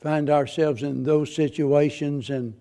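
Gravelly-voiced man preaching earnestly. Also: a little high, flat delivery, measured pace, mellow. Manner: earnest preaching with repeated phrases and restarts. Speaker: pastor. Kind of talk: sermon.

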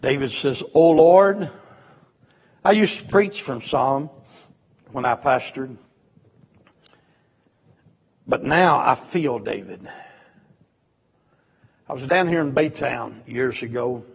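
A middle-aged man preaching a sermon in a folksy storytelling way, swinging from loud exhortation to hushed confession. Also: medium pitch, gravelly, husky.

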